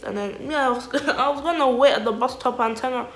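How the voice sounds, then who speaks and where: A young woman telling a storytime vlog in animated, slangy style, laughing often. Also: fairly high pitch, fast, reverberant. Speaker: vlogger.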